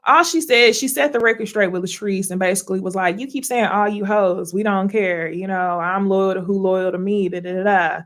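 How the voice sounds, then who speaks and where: A woman hosts a casual reality TV recap in an animated, blunt way. She swears freely and laughs often as she talks. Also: medium pitch, a little fast, hardly any pauses. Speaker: host.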